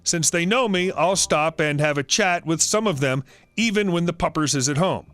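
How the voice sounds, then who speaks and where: A man narrating online first-person stories in a scripted, expressive reading, as the channel's host. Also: a little high, normal speed, no echo. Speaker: story narrator.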